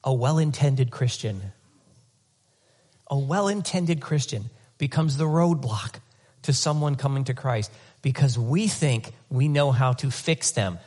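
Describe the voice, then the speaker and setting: A man's voice: mid-range voice, unhurried. Man preaching a conversational sermon. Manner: conversational, animated preaching with comic asides; repeats words while rethinking sentences. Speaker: pastor.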